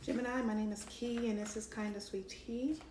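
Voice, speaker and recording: A woman's voice: on the high side, steady tone, a little fast, echoey room, far from the mic, noisy background. A woman with a Brooklyn accent, giving a chatty tarot reading into her cell phone with many fillers and laughs. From Brooklyn, New York. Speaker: tarot reader.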